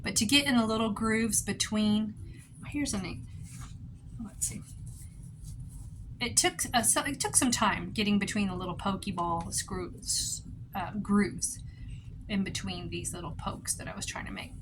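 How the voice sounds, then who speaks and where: A woman in her fifties giving a casual show-and-tell craft tutorial at a table at home, chatty and rambling, with sudden bursts of excitement. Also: medium pitch, a little slow, pauses often, background noise. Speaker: craft vlogger.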